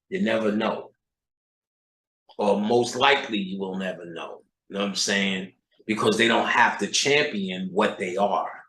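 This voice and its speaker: A man's voice: lowish voice, sharp tone. Profane, emphatic male lecturer, roomy echo. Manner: emphatic, swearing, street-talking, rhetorical repeats. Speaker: occult lecturer.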